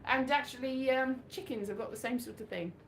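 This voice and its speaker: A Welsh stand-up comedian talks a little fast in a high voice, chatty and self-mocking as she rambles through her slides. It's a small venue with an echoey live room and a little hiss or hum.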